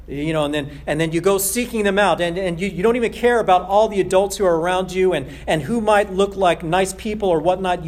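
A man preaching a sermon as a pastor, emphatic and repeating key phrases, slowing down on scripture quotes. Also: high-pitched, darkish tone.

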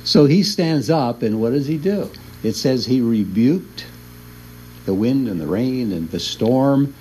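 A man's voice: medium pitch, lively intonation, measured pace, a little mellow, slight background noise, low-quality recording. Chuckling man teaching a Bible class. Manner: chuckles often while explaining. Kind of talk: classroom lecture.

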